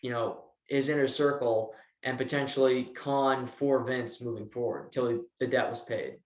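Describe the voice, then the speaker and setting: A man co-hosting a podcast casually recaps a TV episode, telling it with animation and acting out the characters' lines. His voice is mid-range at a moderate pace, and the recording is reverberant.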